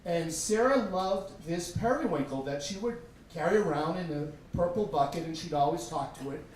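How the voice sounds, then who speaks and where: A man's voice: a little high, moderate pace, darkish tone. A man telling a humorous, self-deprecating story live to an audience in a tavern. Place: tavern stage. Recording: echoey room from far off, faint background noise.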